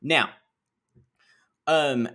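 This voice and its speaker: A man co-hosting a casual recap podcast, talking in an animated, exclaiming way and calling listeners y'all. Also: mid-range voice, very slow. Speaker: podcast co-host. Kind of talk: casual reality TV recap chat.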